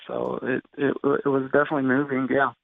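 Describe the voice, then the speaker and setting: A man in his thirties telling his personal story in an interview, halting and full of fillers and restarts. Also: medium pitch, little pitch movement, creaky, dry recording. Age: 30s. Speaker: guest. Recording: dry tinny phone-like sound.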